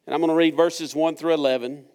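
A man's voice: a little high, steady tone, fast, darkish tone, clear, resonant tone. A man preaching a sermon in a church service, reading scripture and asking the congregation earnest, conversational questions. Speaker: pastor.

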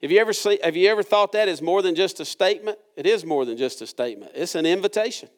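A man's voice: sits high, lively intonation, fast talker. A man preaching a sermon in a church service, reading scripture and asking the congregation earnest, conversational questions. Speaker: pastor.

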